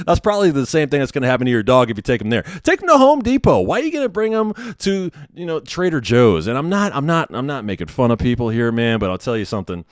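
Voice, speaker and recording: A man's voice: mid-range voice, no room sound, clean studio sound. A man in his thirties hosting a podcast, ranting bluntly and sardonically with lots of swearing. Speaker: podcast host, hospital worker. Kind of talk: ranting monologue.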